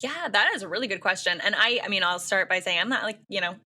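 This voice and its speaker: A woman's voice: medium pitch, animated, fast talker, pushed and bright. A woman author in a casual interview, chatty and self-deprecating, with lots of fillers. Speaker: author guest.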